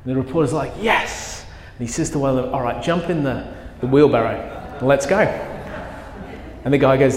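A man's voice: medium pitch, fairly quick. A man preaching a sermon as pastor, telling a story with vivid, emphatic quoted lines. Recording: echoey hall with long reverb.

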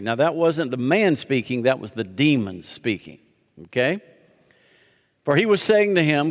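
In a church sanctuary, a pastor preaches a sermon, reading scripture aloud and leading call-and-response with the congregation, throwing in joking asides. His voice is a little high and animated at a moderate pace, with the long reverb of a large hall.

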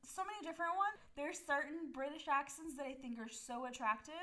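A woman's voice: high voice, a little fast, sharp tone. A young woman in casual chat with a friend, chatty, laughing often and using lots of fillers.

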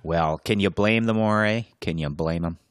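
A man's voice: low-pitched, clean tone, no room sound, studio quality. A male podcast co-host talking casually and reflectively, drawing out his points. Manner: reflective, drawn-out emphasis. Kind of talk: casual chat.

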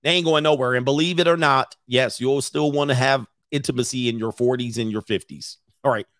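A man's voice: mid-range voice, brisk, a bit bright, dry recording, clean studio sound. A man in his forties, a relationship coach chatting casually on a livestream, joking and rambling and laughing often. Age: 40s.

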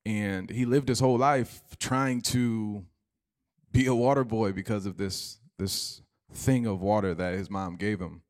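A man preaching a sermon, telling a story and dropping to quiet emphasis. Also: lowish voice, fairly even intonation, measured pace.

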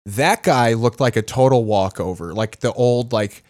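A man's voice: mid-range voice, moderate pace, darkish tone, no room sound. A man co-hosting a podcast, chatting casually, riffing opinions with plenty of swearing. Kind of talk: casual chat.

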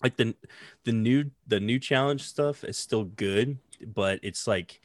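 A man's voice: mid-range voice, a little slow, no echo, clean studio sound. A man in his twenties, a podcast co-host, telling stories in casual chat with lots of "like" fillers. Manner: rambling storyteller, frequent "like" fillers.

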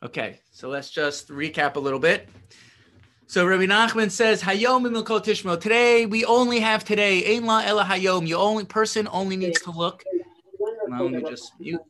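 A man's voice: high voice, moderate pace, pushed and bright. A man teaching a religious text lesson, reading passages and translating them, explaining with rhetorical questions and a frequent "right?".

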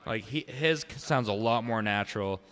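A young man talking casually on a podcast, his voice bright and clear, slightly low in pitch. He is animated, swears a lot and slips into quick impressions of movie lines. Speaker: podcast co-host. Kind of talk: casual chat.

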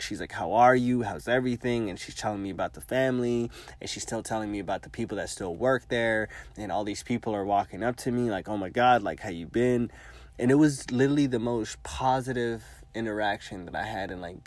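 A man's voice: lowish voice, darkish tone, no room sound. A man in his twenties telling a long personal story in casual, profane, rambling speech full of filler words. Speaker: vlogger.

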